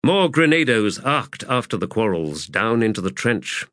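A man reading a war novel aloud as an audiobook narrator, in measured, steady storytelling. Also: on the low side, dry recording, studio quality. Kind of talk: scripted narration.

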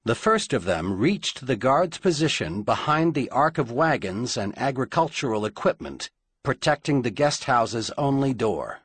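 Male audiobook narrator, husky voice, dry booth sound, dramatic measured read. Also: mid-range voice, lively intonation, a bit bright, no room sound.

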